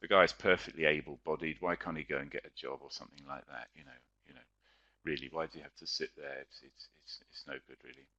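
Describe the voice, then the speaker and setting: A man's voice: rumbling low, steady tone, fast, bright, forceful tone, dull audio, exaggerated voice. A male teacher voicing an annoyed eighteen-year-old young man who grumbles and justifies himself in a role-play demonstration. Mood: grumbling.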